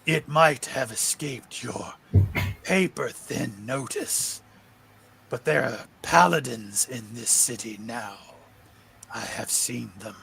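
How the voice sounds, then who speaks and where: A man voicing a sinister otherworldly male being who gives cold, commanding orders in a slow, low, partly whispered delivery. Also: creaky, sharp tone, breathy edge, full character voice. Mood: menacing.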